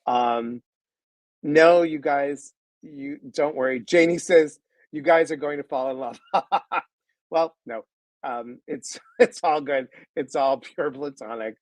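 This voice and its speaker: A man's voice: a little high, slow, no room sound, rough recording. Effusive, heartfelt male livestream host. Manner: effusive and heartfelt, retelling conversations with quoted voices; talks straight to viewers, greeting them by name. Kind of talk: casual livestream chat.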